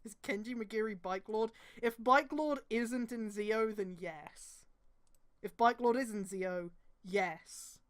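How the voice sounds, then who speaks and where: A woman's voice: mid-range voice, takes it slowly. A woman on a stream reading a bad fanfic aloud and breaking off into sarcastic, profane commentary.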